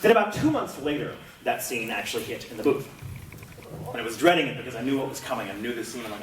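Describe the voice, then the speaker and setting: Animated, self-mocking male voice actor, mid-pitch, telling a panel story in an echoey room from a distant mic. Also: fast, a crowd in the background.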